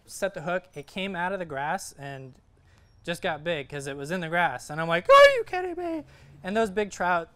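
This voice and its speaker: Bright-voiced man teaching kayak fishing. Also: on the high side, smooth. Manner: rambling, storytelling, lots of fillers and restarts. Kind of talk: casual talk to a group.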